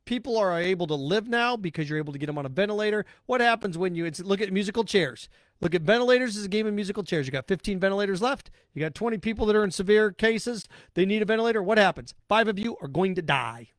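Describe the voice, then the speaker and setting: Blunt, sarcastic high-voiced man ranting. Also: lively intonation, fast talker, dry recording, studio quality. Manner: blunt, sarcastic, mocking voices and repeating points. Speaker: sports talk podcast host. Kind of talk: opinionated solo podcast rant.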